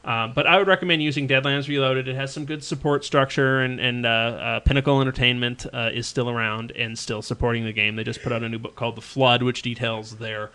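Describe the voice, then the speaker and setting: A man's voice: medium pitch, little pitch movement, a little fast, hardly any pauses, bright, forceful tone, clear, resonant tone. A man co-hosting a casual podcast chat about tabletop games, rambling with lots of fillers and restarts. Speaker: podcast co-host.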